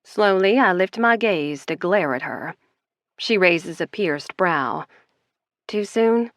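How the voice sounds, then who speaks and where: A woman's voice: lowish voice, animated, slow, a bit bright, no echo, studio quality. A woman narrating a first-person romance audiobook in a wry, conversational way.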